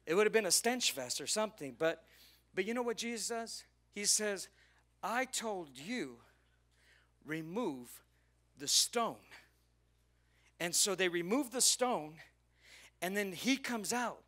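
A man preaches a sermon with a high, ringing voice. He tells the story with drama and acts out its people. He swings between loud, emphatic lines and quiet, hushed ones. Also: expressive, a little slow. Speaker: pastor.

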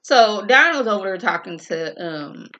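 A woman casually recapping a TV episode in an animated, colloquial way, acting out the characters' lines. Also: medium pitch, a little slow, muffled recording. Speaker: TV show reviewer.

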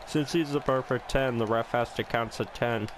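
A man giving casual commentary over a wrestling video game, excitable and full of gasps, with joking, sarcastic asides. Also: medium pitch, moderate pace, background noise. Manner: excitable, reacting with gasps and swearing. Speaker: gameplay commentator. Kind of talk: casual let's-play commentary.

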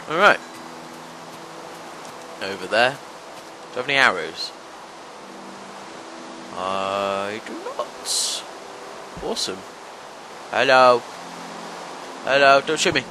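Animated young man playing a game. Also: medium pitch, takes it slowly, pauses often, a little hiss or hum, low-quality recording. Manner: talks to monsters, yelps and shouts when hit. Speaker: gaming channel host. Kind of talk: let's play commentary.

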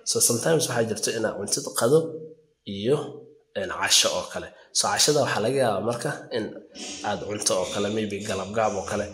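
A man with a fairly low voice runs an English lesson. He says each phrase slowly and with emphasis, then explains it at a quicker pace. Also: fairly bright tone, echoey room. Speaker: English teacher. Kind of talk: bilingual language lesson.

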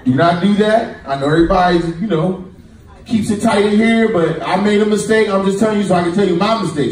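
On a comedy club stage, a man with a high voice speaking a little fast does stand-up, telling stories and animatedly imitating his friends' voices. The mic is far away in an echoey club, with the audience laughing.

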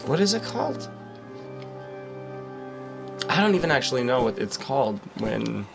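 A man hosting a gaming channel, giving jokey let's-play commentary and yelping and exclaiming as he plays. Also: medium pitch. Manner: excitable, jokey, yelps and exclaims while playing.

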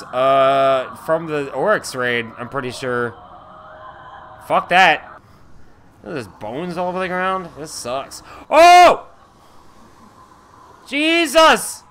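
A young man giving let's play commentary, excitable, swearing and yelling at enemies as he plays. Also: mid-range voice, a little hiss or hum. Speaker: gamer playing a shooter.

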